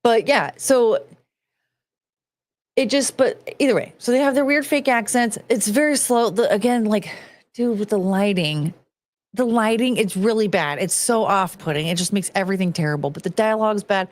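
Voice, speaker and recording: A woman hosts a podcast in a loose, opinionated rant, cursing freely and tripping over her own restarts. Her voice sits at an ordinary middle pitch. The sound is dry, with almost no room around it. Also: normal speed, no room sound. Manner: blunt, swears, restarts a lot. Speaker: podcast host.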